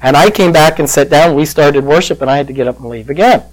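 An older male pastor telling a personal story in a sermon, slow and emotional, choking up at times. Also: a little high, low-quality recording.

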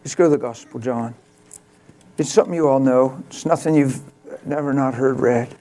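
A male pastor preaching a sermon, telling a story and swinging from quiet, slow lines to loud exclamations. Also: mid-range voice, a little hiss or hum.

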